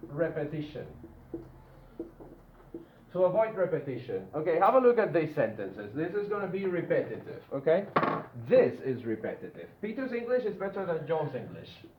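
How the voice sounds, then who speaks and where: A man leads a grammar lesson, his slightly high voice leaping up and down as he drills words over and over. He keeps checking in with his class with a quick "yeah?" The sound is roomy and a little muffled, with faint classroom noise behind. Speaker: English teacher.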